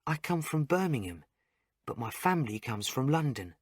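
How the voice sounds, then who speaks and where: A chirpy young nurse, as a male reader puts her on, pitched well above his own voice. She has a quiet, gentle tone and a sing-song, motherly way of talking to a grown patient. The sound is close and dry, with no room around it. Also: big pitch swings, normal speed, husky, no room sound. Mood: cheery. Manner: bright, sing-song, talks to the patient as to a child. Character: friendly young female nurse, small and smiling.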